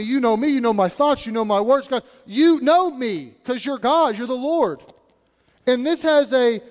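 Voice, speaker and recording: A male pastor giving a sermon in an animated, conversational way, with acted asides, in a church sanctuary. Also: very high-pitched, big-room sound.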